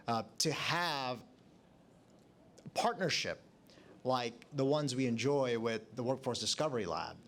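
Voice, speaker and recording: A middle-aged man answering a question on a panel, earnest and speaking up in a loud projecting voice. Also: mid-range voice, lively intonation, unhurried, pauses often. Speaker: hospital leader on a panel. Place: event arena.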